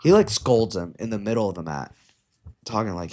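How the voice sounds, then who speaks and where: A young adult man, a wrestling coach, telling stories in casual podcast chat, animated and full of swearing. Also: fairly low pitch, brisk. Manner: profane, animated storyteller.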